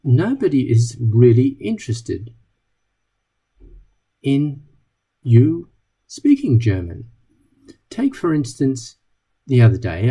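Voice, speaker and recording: A man's voice: medium pitch, dark tone, breathy edge. A man giving a talk to an audience, telling wry anecdotes and acting out little dialogues. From not British.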